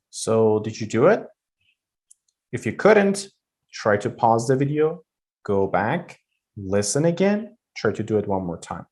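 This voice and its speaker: A man's voice: medium pitch, a little mellow. A man teaching an English pronunciation lesson on word stress in a casual, encouraging, explanatory way, with some fillers and restarts.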